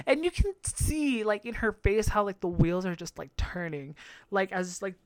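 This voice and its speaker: A man's voice: sits high, lively intonation, a little slow, clean tone, dry recording. A man hosting a podcast, recapping a reality show in a brash, profane, gossipy way with frequent laughter. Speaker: podcast host.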